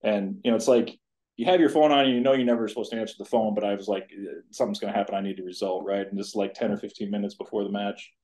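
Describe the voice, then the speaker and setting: A man in his fifties who coaches college tennis gives a podcast interview, telling a personal story with earnest rambling and many side comments. His voice is lowish and darkish, steady in tone, and he speaks at a quick pace.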